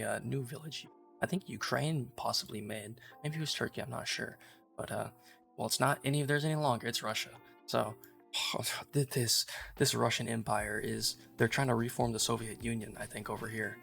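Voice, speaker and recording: A man's voice: mid-range voice, brisk, creaky, fairly bright tone, soft background music. A man giving casual, rambling play-by-play commentary on a strategy game he is playing, amused and full of fillers. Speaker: gaming channel host.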